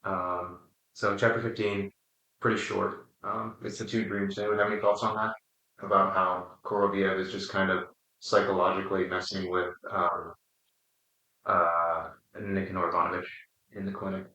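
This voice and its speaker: A man leading a casual book discussion, explaining his thoughts carefully with frequent pauses. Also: low voice, flat delivery, sharp tone. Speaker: book study discussion leader. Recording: roomy, distant mic.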